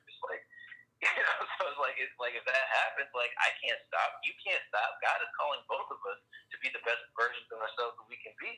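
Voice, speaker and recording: A man's voice: mid-range voice, bright, forceful tone, low-quality recording. A man in casual podcast chat, laid-back and profane, laughing often as he talks.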